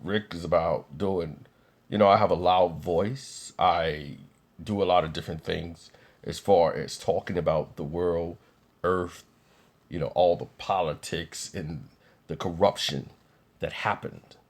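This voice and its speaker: A man impersonating a flamboyant, boastful male funk singer in a low, drawling, grandiose voice. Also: measured pace.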